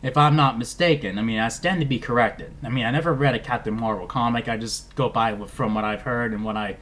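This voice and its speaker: A man giving a casual movie review vlog, rambling and animated, with lots of restarts. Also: medium pitch, quick pace.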